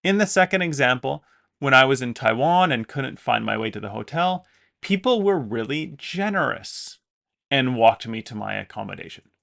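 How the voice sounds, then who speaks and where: A man's voice: mid-range voice, animated, normal speed, creaky, fairly bright tone. A man, a native English speaker, teaching an online English lesson, patiently explaining example sentences with fillers and self-corrections.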